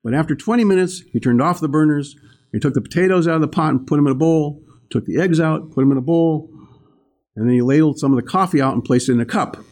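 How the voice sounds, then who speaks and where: A man's voice: on the high side, fast talker, darkish tone. An older man giving a morning spiritual talk, rambling and telling a story with small laughs. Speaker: spiritual teacher.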